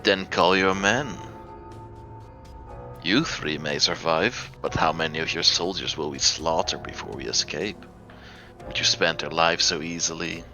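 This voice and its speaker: A man's voice: low-pitched, unhurried, music in the background. A man voicing an arrogant male demon swordsman from a visual novel, cold and threatening. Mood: menacing. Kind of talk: voice acting a visual novel aloud.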